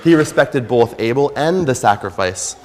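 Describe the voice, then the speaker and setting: A man's voice: mid-range voice, expressive. Man, church children's lesson, conversational, questions to kids, echoing hall. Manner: conversational, asks the children questions, reads verses slowly.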